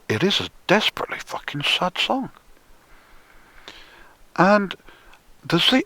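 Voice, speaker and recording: A man delivering a profane, sneering monologue, often dropping into hushed whispers for emphasis. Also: on the high side, no room sound. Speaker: conspiracy commentator. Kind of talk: ranting monologue.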